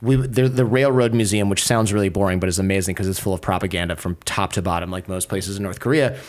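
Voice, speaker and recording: A man's voice: deep voice, steady tone, quick pace. Man telling stories with mimicked voices. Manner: acts out quoted voices, sarcastic, swears casually. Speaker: podcaster and lawyer, guest. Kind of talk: animated storytelling in conversation.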